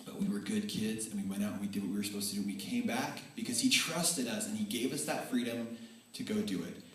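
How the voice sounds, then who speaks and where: A man giving a tribute speech at a banquet, telling energetic, animated stories that swing between excited and earnest. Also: lowish voice, quick pace. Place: large banquet hall. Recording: echoey hall, voice from far off.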